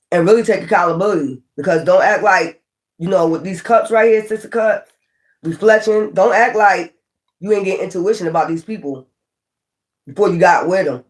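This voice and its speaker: Male tarot reader, high voice, street-preacher delivery, swears freely, loops catchphrases. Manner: preachy, profane, repeats catchphrases. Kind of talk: casual spoken tarot reading.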